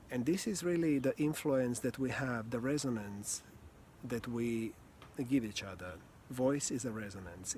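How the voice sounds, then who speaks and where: A man teaching about communication in a casual, animated way, often easing into a soft, low near-whisper. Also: moderate pace, slight background noise. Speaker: communication coach.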